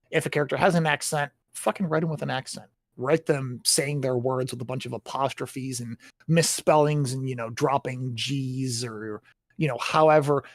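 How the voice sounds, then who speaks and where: A man's voice: mid-range voice, vocal fry, no room sound. Guy explaining writing stuff, lots of tag questions, pretty dry recording. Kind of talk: casual chat about writing.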